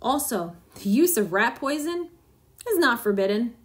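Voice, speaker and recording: Brief: woman voicing ruthless middle-aged husband, gruff, smug, harsh storybook villain. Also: fairly high pitch, sing-song, unhurried. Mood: cold, smug.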